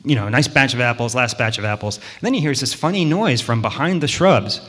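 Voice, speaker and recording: A man's voice: mid-range voice, expressive, a little fast, fairly bright tone. A man telling a children's story at a worship service, playful and chatty with the children listening. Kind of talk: children's story told to a congregation. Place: church sanctuary. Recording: long hall reverb in a sanctuary.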